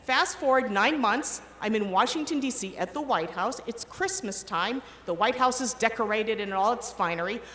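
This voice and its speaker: A middle-aged woman tells a lively story from a podium, her fairly high voice ringing out. The big hall gives her words a long, echoing tail, with a faint hum of the room underneath. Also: moderate pace, hardly any pauses. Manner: animated, acts out quoted voices. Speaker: commencement speaker. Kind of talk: storytelling speech. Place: large ceremony hall. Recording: echoey hall with long reverb, faint ambience.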